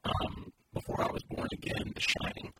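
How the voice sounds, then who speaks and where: Podcast host dude, eager and quick, lots of noise behind him. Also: male voice. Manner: brisk, enthusiastic listing. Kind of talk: casual chat about movie trailers. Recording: loud background noise.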